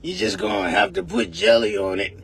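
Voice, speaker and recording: A man voicing a bossy older woman with a deep, aggressive tone. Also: big pitch swings, fairly quick, fairly bright tone, a little hiss or hum, exaggerated voice. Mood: gruff. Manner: deep gruff scolding tone.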